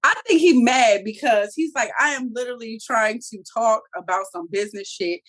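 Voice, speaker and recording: A woman co-hosting a review show in casual chat, talking in an animated, profane way and acting out characters' lines. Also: on the high side, moderate pace. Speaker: TV review podcast co-host.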